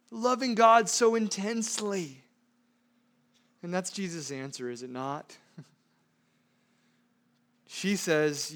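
A man preaching a sermon, emphatic, with frequent rhetorical questions, swinging between loud stresses and hushed asides. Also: high voice, animated, slow pace, long pauses. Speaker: pastor.

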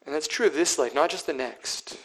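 A male pastor preaching a sermon, dropping to hushed whispers and then building to loud, emphatic passages. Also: fairly high pitch, fairly quick, rough recording.

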